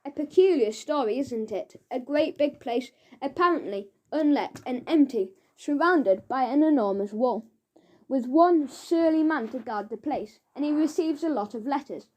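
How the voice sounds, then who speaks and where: A clever, cheeky boy sleuth speaks with put-on innocent politeness and quiet persistence, as a woman reads him in a children's audiobook. The voice stays high and bright. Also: lively intonation, normal speed. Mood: polite.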